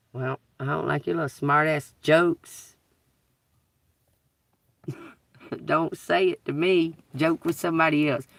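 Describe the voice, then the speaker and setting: A woman's voice: low voice, steady tone, takes it slowly, gravelly, pauses often, fairly bright tone, recorded from a distance. A woman tarot reader talking on a livestream, blunt and profane, who laughs often and preaches to her viewers. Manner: preachy, addresses the collective. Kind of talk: casual livestream talk.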